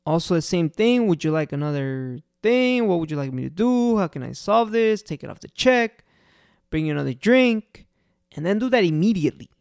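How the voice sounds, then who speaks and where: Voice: medium pitch, animated, normal speed, darkish tone, clean tone, no echo, studio quality. A restaurant owner giving casual, earnest customer-service advice and repeating the key points for emphasis.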